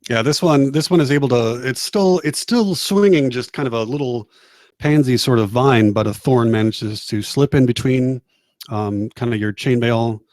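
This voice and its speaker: A man's voice: medium pitch, normal speed, a little mellow, dry recording. A man narrating a tabletop game as game master, casual and laughing, with many fillers and restarts.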